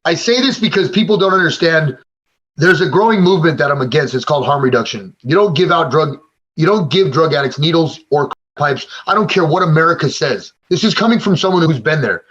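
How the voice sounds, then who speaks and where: His voice is a little high with a fairly bright tone as this forties-aged former gang member, now in recovery, tells his own story in an interview. He's raw, blunt and emotional, cursing frequently, and the lo-fi audio is slightly dull.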